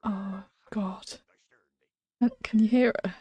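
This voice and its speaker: A young woman chatting casually while streaming a game at home, giggling and often dropping to a hushed whisper. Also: medium pitch, a little slow, dry recording, muffled recording. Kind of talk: casual live-stream chat. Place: small room at home.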